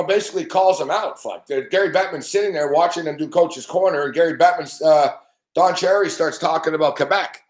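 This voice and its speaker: In an echoey room, a high-pitched man hosts a late-night sports betting show, ranting angrily and profanely about hockey. He mocks the people he discusses, doing impressions of them.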